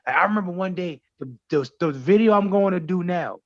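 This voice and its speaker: A man, a rapper guest from Brooklyn, telling stories in animated, profane, slangy talk. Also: high-pitched, a little fast, dry recording, dull audio. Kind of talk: casual radio chat.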